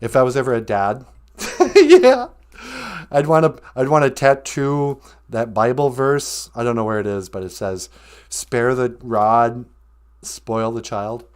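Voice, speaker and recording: A man hosting a comedy podcast, delivering deadpan jokes and mock infomercial lines with bursts of laughter. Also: medium pitch, measured pace, smooth. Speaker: podcast host. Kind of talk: joking comedic monologue.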